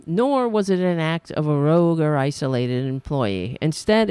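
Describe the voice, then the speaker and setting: A woman's voice: low-pitched, darkish tone, clean tone, no room sound. A woman hosting a political podcast, reading news stories aloud and breaking in with scornful, sarcastic asides and frequent self-corrections.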